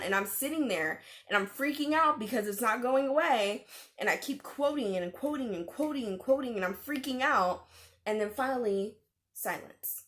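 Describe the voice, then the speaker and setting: A young woman vlogger telling a personal story in a casual, animated way, with fillers and laughs. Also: a little high, moderate pace.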